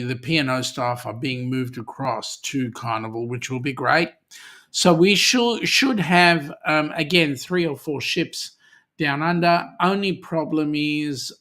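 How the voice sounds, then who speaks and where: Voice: mid-range voice, fairly bright tone. An Australian host chatting casually on a live cruising stream, reading viewer comments aloud with plenty of ums and friendly banter.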